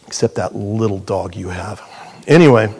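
A middle-aged man preaching a sermon as pastor, animated and jokey, with sudden loud high bursts. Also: normal speed, gravelly, husky.

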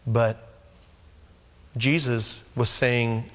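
A man's voice: medium pitch, moderate pace. Conversational male pastor preaching in a hall. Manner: conversational, acts out scripture scenes. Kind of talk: sermon. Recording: long echo of a large hall.

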